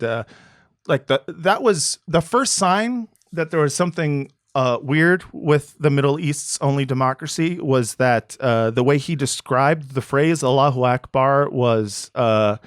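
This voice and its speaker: A man hosting a podcast, musing casually with many pauses and fillers. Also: medium pitch, dry recording, studio quality. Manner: halting, filler-heavy musing. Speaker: podcast host. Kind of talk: casual reflective podcast talk.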